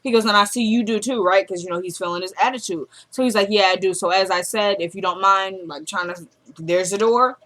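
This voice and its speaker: A woman's voice: medium pitch, fairly quick, a bit bright. A woman casually recapping a TV drama episode, acting out the characters' lines as she retells each scene. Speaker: show recapper.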